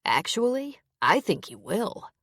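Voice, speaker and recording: A woman voicing Owen, a quiet and gentle grown man, in an audiobook, speaking softly and reassuringly. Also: sing-song, measured pace, slightly rough, no room sound, studio quality, full character voice. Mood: warm. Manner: soft, reassuring, low-key. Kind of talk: audiobook character reading.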